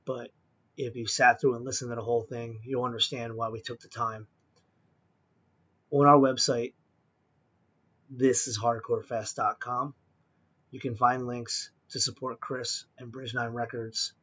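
A man's voice: medium pitch, level tone, measured pace, long pauses, fairly bright tone, slightly rough, highs cut off. A man hosting a casual podcast, talking earnestly and appreciatively, rambling a little with fillers. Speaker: podcast host. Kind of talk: casual interview podcast wrap-up.

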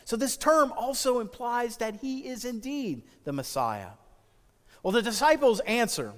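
A man preaching a sermon as pastor, earnest and emphatic, slowing down to stress key phrases. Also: very high voice, big pitch swings, big-room sound.

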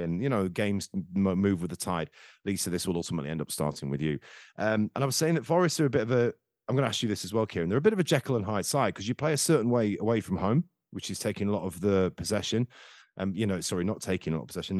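A man's voice: on the low side, no echo, studio quality. A man hosting a casual football podcast, telling rambling, jokey anecdotes. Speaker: podcast host.

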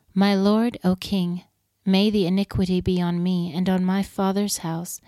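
A woman giving a measured, steady scripture reading. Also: on the low side, dry recording, clean studio sound. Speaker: scripture reader.

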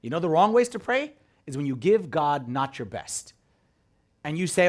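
A man preaching a sermon as a priest. He talks in an animated way, acts out the voices he quotes and swings from loud to hushed. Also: on the high side, normal speed.

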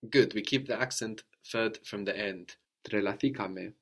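Man, patient language teacher, lowish voice, explaining step by step. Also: normal speed. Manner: patient, explaining, often asks "no?". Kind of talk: spoken language lesson.

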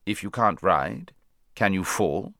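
A man's voice: sits low, expressive, takes it slowly, vocal fry, a bit bright, dry recording, studio quality, full character voice. A man voicing a proud, brusque talking male war horse with a commanding, contemptuous manner. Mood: brisk.

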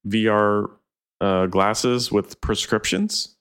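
Man, very low voice, matter-of-fact, rambling, gaming podcast co-host. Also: steady tone, slow pace, a bit bright, smooth. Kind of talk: casual gaming podcast chat.

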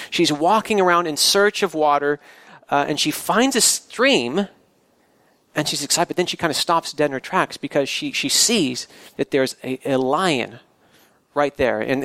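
A man's voice: on the high side, fairly bright tone, clear, resonant tone, no room sound. A male pastor who grew up in the country, preaching in a church in a conversational way with restarts and asides. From rural area. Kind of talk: sermon.

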